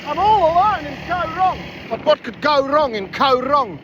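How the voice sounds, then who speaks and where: A man's voice: very high voice, big pitch swings, normal speed, lo-fi sound. A man chatting casually as a travel vlogger while riding a moped outdoors, rambling and joking about himself, sometimes drifting into a put-on accent. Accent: put-on Australian-style accent at times. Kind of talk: casual vlog chat. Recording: noisy outdoor camera audio. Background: engine and jungle noise.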